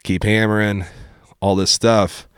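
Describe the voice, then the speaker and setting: A young man, a podcast guest and former teacher, telling animated stories and acting out what others said. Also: on the low side, unhurried, clean tone, no room sound, studio quality. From Appalachian Kentucky. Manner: animated storyteller who acts out quotes, says dude a lot. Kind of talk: casual storytelling chat.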